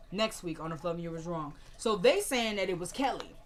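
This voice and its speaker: A woman's voice: mid-range voice, brisk, hardly any pauses. A woman casually recapping a TV drama episode, retelling scenes by quoting the characters and filling the gaps with "like" and "you know".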